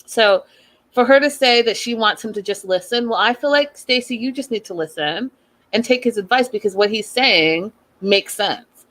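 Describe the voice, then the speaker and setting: Woman host, casual recap, chatty, opinionated, fairly high voice. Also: moderate pace, fairly bright tone. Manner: chatty, addresses viewers directly, lots of "like"; opinionated, thinks aloud.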